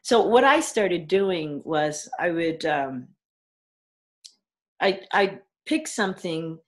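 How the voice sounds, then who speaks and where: A woman's voice: on the low side, slow pace. A middle-aged woman from the Caribbean, an actor and educator, telling stories in a casual interview over a video call, laughing often and acting out what people said. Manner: animated storyteller, laughs often, acts out quotes.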